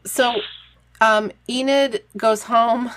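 A woman's voice: a little high, steady tone, very slow, a bit bright. Woman podcast host going over a book plot, casual and chatty. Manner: chatty, recapping plot with laughs. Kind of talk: casual book discussion and recap.

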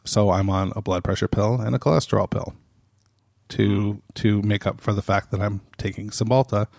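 A man's voice: fairly low pitch, fairly even intonation, normal speed, creaky, darkish tone, no room sound, studio quality. A man hosting his own podcast, talking casually and off the cuff, often laughing and restarting his phrases. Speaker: podcast host.

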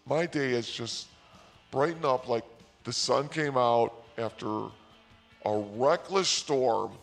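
Man, comic storyteller, sarcastic deadpan, gravelly voice, faint music underneath. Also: medium pitch, takes it slowly. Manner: deadpan, mock-naive sarcasm. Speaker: podcaster. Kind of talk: comedic storytelling monologue.

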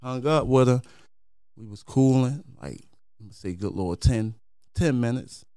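A man's voice: mid-range voice, moderate pace. A man with a Baltimore accent, a rapper guest, telling a long story in casual slangy talk and acting out what others said. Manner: animated, slangy, acts out quotes in raised voice.

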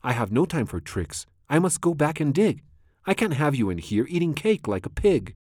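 A man voicing a flustered young boy in a storybook reading, speaking up high and loud in exasperation. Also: big pitch swings, moderate pace, dry recording, studio quality. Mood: exasperated. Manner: exasperated, raised voice.

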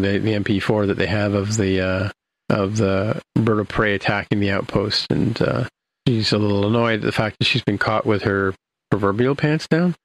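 A man's voice: lowish voice, a bit bright, poor audio. An older man casually recapping a TV episode, rambling with many fillers and restarts.

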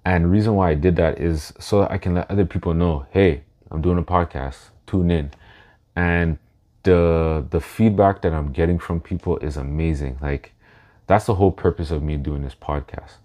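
A man in his thirties hosting a solo podcast in a casual way, slow and reflective, pausing to gather his thoughts. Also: low-pitched, mellow. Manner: emotional, laughs through his words. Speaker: podcast host.

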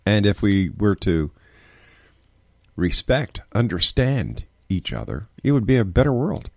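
A man's voice: on the low side, very animated, a little slow, vocal fry, dry recording, studio quality. A man hosting an interview, agreeable and encouraging toward his guest. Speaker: interview host. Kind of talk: interview conversation.

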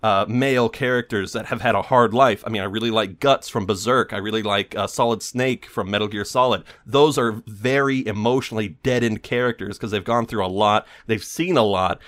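A man's voice: on the low side, fairly quick, few pauses, fairly bright tone. A man hosting a podcast, giving a rambling, sarcastic critique with lots of fillers. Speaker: podcast host. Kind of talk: casual critique monologue.

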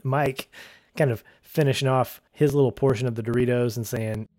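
A man co-hosting a podcast recaps a TV episode chattily and casually, laughing often and acting out quotes. His mid-range voice has a darkish tone, fairly even intonation and a moderate pace.

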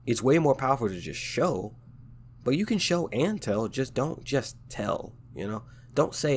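A man's voice: lowish voice, a little hiss or hum. A man with a stuffy, congested nose hosts a podcast and talks casually and loosely about writing, with plenty of slang. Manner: laid-back, slangy, fond of "like" and "man". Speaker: podcast host and novelist.

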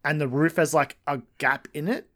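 A fairly high-voiced man chats on a gaming podcast, teasing his co-host and laughing often. He sounds relaxed and conversational. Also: moderate pace. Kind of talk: casual chat.

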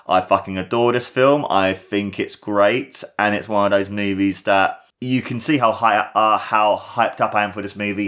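A low-pitched man talks through a film review on his podcast in a loose, unscripted monologue. He gushes with excitement and circles back over the same points again and again. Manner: enthusiastic, rambling, repeats words. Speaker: podcast host.

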